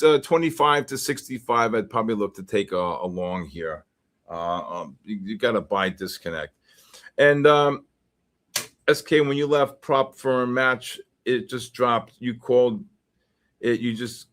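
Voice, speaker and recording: Excitable New man calling trades. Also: medium pitch. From the Bronx, New York. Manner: excitable, greets chat names in bursts. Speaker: host and futures trader. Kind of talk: live trading stream commentary.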